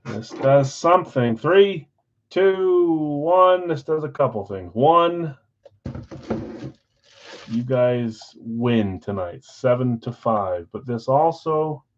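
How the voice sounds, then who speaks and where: Male break host, mid-pitched, upbeat countdown calls, slightly dull stream sound. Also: a little hiss or hum. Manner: energetic countdowns, chatty with viewers; auctioneer-like rapid calls. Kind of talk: live-streamed card break commentary.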